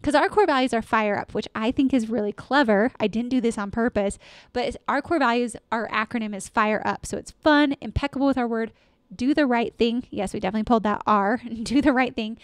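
A woman hosts her own podcast, speaking with energy and emphasis and circling back to repeated affirmations. Her voice sits a little high. The recording is dry and close, with no room sound. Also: a little fast, clean tone, no echo. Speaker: podcast host and dental practice consultant. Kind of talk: solo motivational podcast talk.

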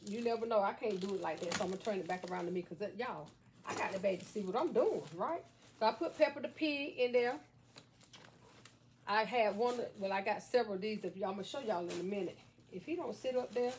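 A middle-aged woman, working as a craft vlogger, chats folksily and playfully straight to her viewers while demonstrating a craft at home. Her mid-range voice is a little mellow, and there's slight background noise. It's a chatty how-to vlog recorded on a camera standing on a table.

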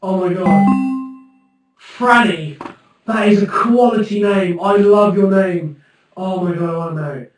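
A man's voice: sits high, unhurried, long pauses. A young man livestreaming, rambling and self-mocking with plenty of swearing. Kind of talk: casual livestream chat. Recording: very echoey room from far off, faint music.

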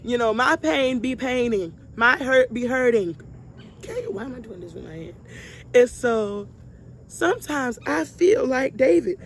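A young woman vlogger leads a Bible study, casually preaching and speaking directly to her viewers as y'all. She's heartfelt and emphatic, repeating lines to stress them. Her voice is on the high side at a moderate pace.

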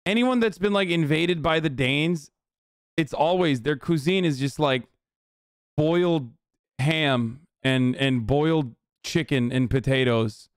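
A man's voice: on the high side, measured pace, clean tone, dry recording, clean studio sound. Profane, rambling male streamer. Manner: profane, animated, rambling with many fillers. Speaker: streamer reacting to a cooking show. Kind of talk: casual live-stream commentary.

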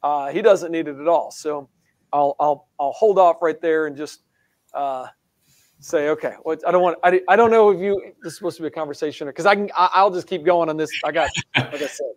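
A man with a high, animated voice presents his case emphatically, often restarting sentences. The sound is dry and close. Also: fairly quick, no echo. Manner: emphatic, animated, many restarts, mocking mimicry. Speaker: guest speaker. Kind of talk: presentation in a live-streamed discussion.

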